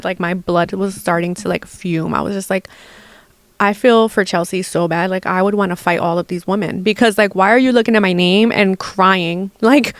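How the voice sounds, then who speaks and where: A young adult woman hosting a casual gossip podcast, animated and exasperated, full of "like" and swearing. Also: medium pitch, dry recording. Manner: animated, heavy use of "like", profane, exasperated. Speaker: podcast host.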